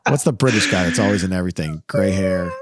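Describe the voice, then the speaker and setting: Laughing, low-voiced male podcast host. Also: expressive, fast talker, a crowd in the background. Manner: storytelling, laughs often, quotes people in his own voice. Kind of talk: casual chat.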